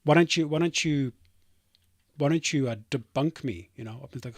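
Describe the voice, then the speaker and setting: A man's voice: a little high, moderate pace, no room sound, studio quality. Rambling man chatting on a livestream. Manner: rambling, reading chat aloud, dismissive asides. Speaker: streamer and software developer. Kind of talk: casual livestream chat.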